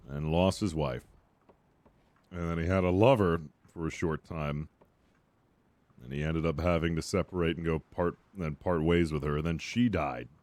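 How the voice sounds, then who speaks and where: Laid-back low-voiced male streamer. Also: no echo. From Wisconsin. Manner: laid-back, wry, self-mocking. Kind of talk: casual chat to stream viewers.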